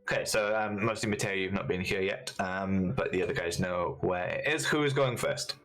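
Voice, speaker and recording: A man runs a tabletop game in a low voice. His narration is loose and easygoing, full of fillers, with faint music playing underneath. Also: normal speed, a bit bright, poor audio. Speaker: game master.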